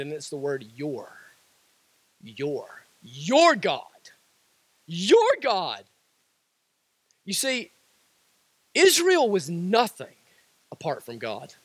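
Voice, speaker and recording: A pastor preaching a sermon, a man who repeats his lines for emphasis and rises to shouts. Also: high voice, dry recording.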